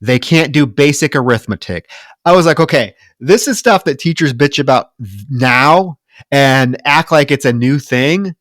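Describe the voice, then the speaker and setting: A man's voice: mid-range voice, lively intonation, a little slow, fairly bright tone, no echo, studio quality. A man co-hosting a horror film podcast, retelling scenes and acting out the characters' lines in casual chat. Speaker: podcast co-host.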